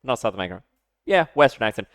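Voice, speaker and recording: A man reacting live as a streamer, casual and heated, swearing and breaking into loud sudden outbursts. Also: mid-range voice, big pitch swings, racing, dry recording, studio quality.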